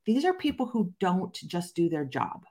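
Low-pitched woman explaining with emphasis. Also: moderate pace. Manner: animated, emphatic, fluent explaining. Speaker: guest author and researcher. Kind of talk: conversational interview.

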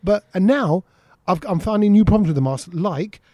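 A man with a high, mellow voice hosts a loose studio chat, recorded dry and close. He tells self-mocking stories with frequent restarts. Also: animated, normal speed, dry recording. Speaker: show host. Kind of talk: casual studio banter.

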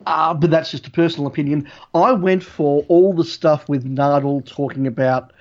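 A man co-hosting a podcast, giving a measured, thoughtful opinion of an episode. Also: on the high side, steady tone. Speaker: podcast co-host. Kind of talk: casual review chat. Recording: dull lo-fi audio.

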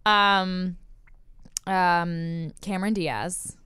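A woman host with a smooth, clear voice leads a casual podcast conversation, chatty and enthusiastic and quick to laugh. Her voice sounds close and dry. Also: lowish voice, fairly even intonation, sharp tone, no room sound. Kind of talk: casual chat.

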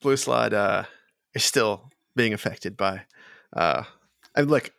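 A man narrating as game master of a tabletop game, halting and full of fillers, often laughing. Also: fairly low pitch, expressive, gravelly, a bit bright, no room sound, studio quality.

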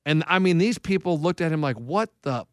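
A man's voice: on the high side, animated, brisk, no room sound, studio quality. A man co-hosting a podcast, telling rambling anecdotes full of restarts in casual chat. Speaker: podcast co-host.

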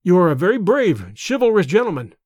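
A man's voice: sits high, sing-song, a little fast, darkish tone, no room sound, studio quality. A man reading an audiobook, voicing an impulsive French nobleman who speaks in a raised, emphatic way. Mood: relieved. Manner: emphatic and agitated. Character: impulsive French nobleman, adult male, overwrought.

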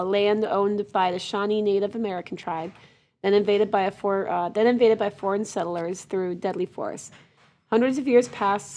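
A woman co-hosting a podcast, chatting casually and reading a listener's story, reacting with warm gasps and aws. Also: medium pitch. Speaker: podcast co-host.

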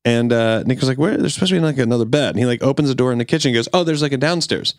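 Animated male podcast storyteller, dry sound. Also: medium pitch, racing, dry recording. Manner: animated storyteller, acts out quotes. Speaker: podcast co-host. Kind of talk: casual storytelling chat.

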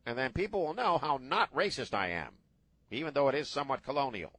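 A man's voice: medium pitch, very animated, quick pace, fairly bright tone, no room sound. A man hosting a talk radio show, talking in a sarcastic, mocking way into a studio microphone.

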